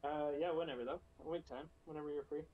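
A man's voice: on the high side, steady tone, fast talker, narrow, tinny audio. A man chatting and laughing often with friends while fumbling through game menus. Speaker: gamer in a party chat. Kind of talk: casual chat.

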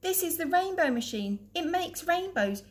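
A woman reading aloud and voicing a flustered, well-meaning male lorry driver in a higher, anxious voice. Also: expressive, normal speed, a little hiss or hum. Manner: anxious, pleading, raised voice.

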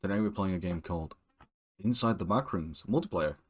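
A man hosts a multiplayer game session in a loose, chatty way. His voice sits very low, and he talks with plenty of fillers and restarts, a touch nervous. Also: brisk, husky. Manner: nervous, rambling intro with fillers. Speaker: channel host. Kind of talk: casual gaming chat.

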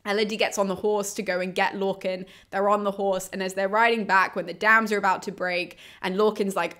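A woman's voice: medium pitch, fairly even intonation, a little fast, a bit bright. Chatty young woman gushing about books. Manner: enthusiastic, chatty, many asides. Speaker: book reviewer. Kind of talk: casual chat.

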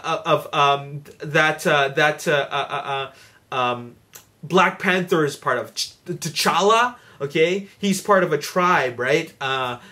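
A man's voice: a little high, a bit bright. A man hosting his own movie news vlog, talking casually with many fillers, restarts and repeated words. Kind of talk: casual video commentary.

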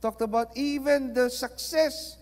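A Filipino-accented man preaching, his voice sitting high for a man. He drops to near-whispers, then rises to forceful emphasis, slipping Tagalog phrases into his English. Long reverb trails each line, as in a church hall. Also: measured pace. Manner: swings between hushed and emphatic delivery. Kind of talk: sermon.

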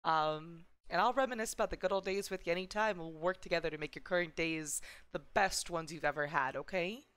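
A woman's voice: lowish voice, fairly quick, few pauses, fairly bright tone, dry recording. A woman streaming a video game, chatting casually and affectionately with her viewers in playful slang. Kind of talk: casual gameplay chat.

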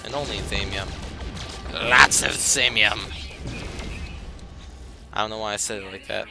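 A man giving casual let's play commentary, breaking into excited outbursts and complaints, then muttering to himself while sorting gear. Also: on the low side, racing, creaky. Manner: self-talk, mutters and trails off while managing inventory. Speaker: gaming commentator. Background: game music.

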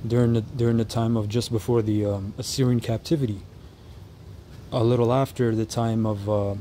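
Mellow-voiced man reading scripture. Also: medium pitch, fairly even intonation, slight background noise, low-quality recording. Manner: stumbles and restarts, reads verses slowly. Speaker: commentator. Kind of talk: reaction commentary with scripture reading.

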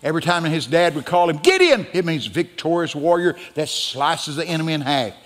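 A man preaching a guest sermon in a church, dramatic and emphatic, building to loud peaks. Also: fairly high pitch, brisk. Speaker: guest pastor. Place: church sanctuary. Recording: church hall with long reverb.

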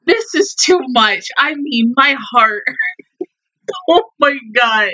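A young woman talks through her reaction to an anime episode. Her voice is bright and sits fairly high, and her pitch swings widely as she exclaims, swears and laughs through her casual commentary. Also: lively intonation, takes it slowly, lo-fi sound.

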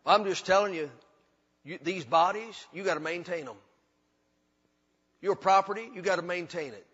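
A preacher with a high, bright voice that has a husky edge. He builds his points through repetition and folksy humor. The sound is a dull recording with a long reverb trailing off the sanctuary walls. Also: moderate pace. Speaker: pastor. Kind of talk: sermon. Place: church sanctuary.

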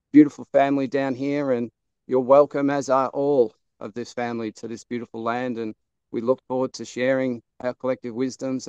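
Australian man, smooth resonant voice, flat even delivery, dry sound, soft flowing blessing. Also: mid-range voice, no echo, highs cut off. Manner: soft, flowing, repeats "beautiful". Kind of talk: warm blessing on a video call. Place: outdoors under a tree.

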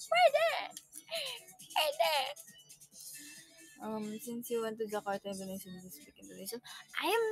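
A woman's voice: a little high, poor audio. Giggly bubbly young Filipino woman. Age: 20s. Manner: giggly, bubbly, reads and answers viewer comments. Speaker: livestream host. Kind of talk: casual livestream chat.

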